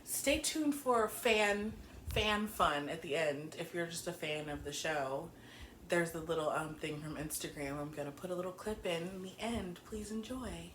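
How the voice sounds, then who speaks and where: A woman's voice: on the low side, moderate pace, fairly bright tone, a little hiss or hum. Giggly woman in an echoey room. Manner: giggly, chatty, often breaks into laughter. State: slap-happy and sleepy early in the morning. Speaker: TV show reviewer. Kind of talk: casual recap review.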